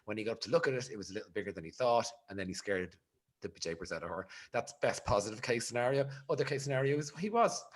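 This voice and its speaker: A man, hosting a podcast and telling a rambling, animated story in casual chat. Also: mid-range voice, fast talker, breathy edge. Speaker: podcast host.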